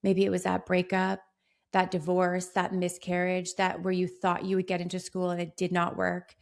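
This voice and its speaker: Gravelly-voiced woman podcast coach. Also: lowish voice, completely flat delivery, moderate pace. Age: 30s. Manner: warm storytelling, motivational, acts out quoted dialogue. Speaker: podcast host and business coach. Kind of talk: solo podcast monologue.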